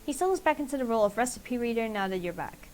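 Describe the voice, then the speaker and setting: A woman's voice: a little high, expressive, fast, a little mellow, slight background noise. Casual woman reading a dating game. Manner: casual, chatty narration with laughs and asides. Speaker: streamer.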